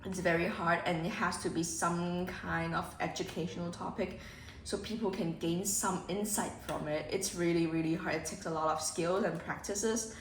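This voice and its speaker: A young woman from Macau, slightly hoarse from being sick, chatting casually and rambling playfully in a vlog. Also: on the low side, fairly even intonation, moderate pace, faint music behind. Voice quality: raspy. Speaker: vlogger. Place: home kitchen. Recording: echoey room, camera a bit far off.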